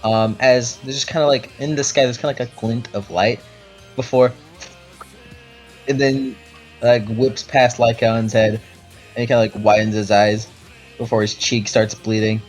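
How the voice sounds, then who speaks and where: A man's voice: medium pitch, level tone, moderate pace, pauses often, soft background music. A man narrating a tabletop game as game master, loose and rambling, with lots of fillers and swearing.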